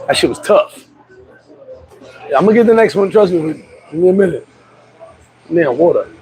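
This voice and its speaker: A man's voice: sits high, lively intonation, moderate pace, mellow, faint music behind, rough recording. A man vlogging outdoors, chatting casually, joking and telling stories to his viewers. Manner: joking, storytelling, laughs often. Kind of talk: casual street vlog chat. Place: outdoors on a street.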